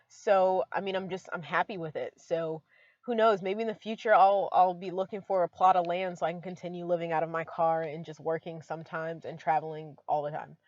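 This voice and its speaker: A woman's voice: fairly low pitch, a little mellow, no echo, dull audio. A woman vlogging from inside her car, chatty and emotional, with many fillers. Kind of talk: casual vlog talk to camera.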